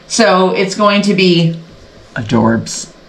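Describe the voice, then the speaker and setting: A woman's voice: medium pitch, takes it slowly, fairly bright tone. A woman hosting a quilting channel, chatting casually and rambling as she sews along, often breaking off mid-sentence. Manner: chatty, rambling, self-interrupting. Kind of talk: casual sew-along chat. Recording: echoey room with faint background noise.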